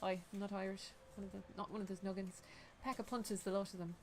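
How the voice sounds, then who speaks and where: A woman's voice: medium pitch, level tone, fast talker, faint music behind, close to an everyday voice. A woman voicing a tough, brash female mercenary with a shotgun, putting on a swaggering, blunt accent. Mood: gruff storytelling.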